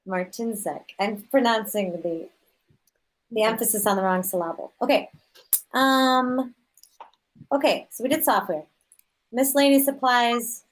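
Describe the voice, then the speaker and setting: A woman's voice: a little high, a little slow, long pauses, low-quality recording. Woman chairing a school meeting. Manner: casual, laughing, running the vote.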